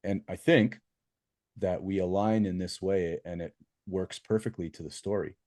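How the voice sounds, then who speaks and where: A man's voice: deep voice, steady tone, normal speed, a little mellow, dry recording, studio quality. A middle-aged man co-hosting a podcast, easygoing and reflective in casual chat. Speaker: podcast co-host.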